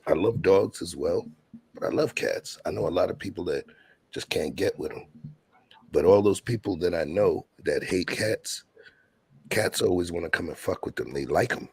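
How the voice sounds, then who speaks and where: A man hosts a casual streamed chat, speaking low and gravelly. His voice is a little husky, and the sound is dry and close. He tells long, easygoing stories in street slang. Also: moderate pace, no echo. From Brooklyn, New York. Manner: laid-back storytelling in street slang. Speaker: show host.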